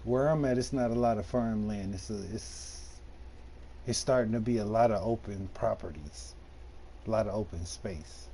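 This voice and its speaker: A man's voice: lowish voice, moderate pace, mellow, a little hiss or hum. A man from Detroit, casually chatting with viewers while playing a farming game on a live stream, slangy and laid-back. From Detroit, USA.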